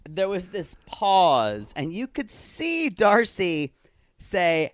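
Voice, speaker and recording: A man co-hosting a reality-TV recap podcast, talking in a fairly high voice that swings widely in pitch. He is blunt and swears freely. The sound is close and dry, with no room around it. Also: slow, clean tone, no room sound. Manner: animated, blunt and profane. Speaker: podcast co-host. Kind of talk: casual reality-TV recap chat. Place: podcast studio.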